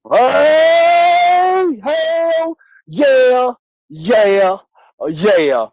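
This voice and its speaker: A man's voice: very high voice, animated, drawn-out words, darkish tone, dry recording, full character voice. A man putting on a boastful, rowdy backwoods moonshiner character, talking in a brash, rambling, hollering way for a comedy sketch. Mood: boisterous. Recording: dull lo-fi dry sound.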